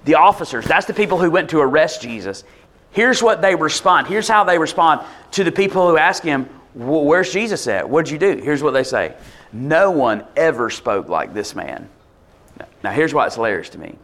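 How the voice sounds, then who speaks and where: Casual, animated man preaching a sermon. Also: on the high side, a little fast. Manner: conversational, animated, acts out quoted voices. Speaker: pastor.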